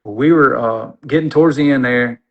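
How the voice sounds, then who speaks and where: A man with a drawl spins a fishing yarn as a podcast guest. His delivery is animated and folksy, with run-on sentences that pile one clause onto the next. The pitch sits at an ordinary middle height. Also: brisk, vocal fry, muffled recording. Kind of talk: casual storytelling.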